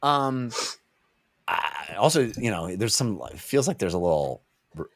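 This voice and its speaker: A man's voice: lowish voice, very animated, measured pace, creaky. A man co-hosting a casual book-club podcast, acting out characters' lines in goofy voices as he recaps. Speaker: podcast co-host.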